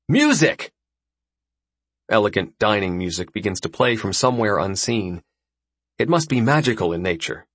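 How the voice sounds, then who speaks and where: A man narrating a fantasy audiobook in the first person with an expressive storytelling delivery. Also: on the low side, slightly rough, no echo.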